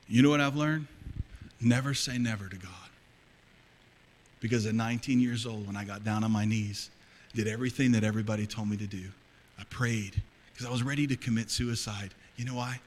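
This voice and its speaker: A middle-aged male pastor preaching a sermon to a congregation, dropping to hushed confiding and rising to loud fervor. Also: on the low side. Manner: swings between hushed, intimate confiding and loud, fervent preaching. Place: church hall before a congregation.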